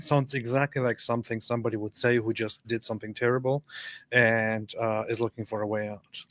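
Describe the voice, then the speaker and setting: A man hosts a live stream in a relaxed, easygoing way, greeting viewers and reading their comments. His voice sits at an average pitch. The sound is dry and close. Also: brisk, no room sound. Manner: relaxed, reads chat comments. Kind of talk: casual live-stream chat.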